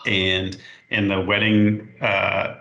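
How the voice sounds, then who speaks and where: Man, 40s, podcast guest. Low, forceful voice, halting and unhurried, recorded in a roomy space. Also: completely flat delivery, gravelly, muffled recording. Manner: halting, unhurried, stops to correct himself. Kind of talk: casual storytelling.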